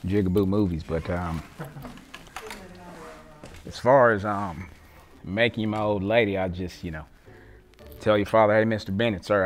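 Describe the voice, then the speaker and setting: Low-voiced rambling crude man. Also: slight background noise. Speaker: dating show contestant. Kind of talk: comedic in-character banter.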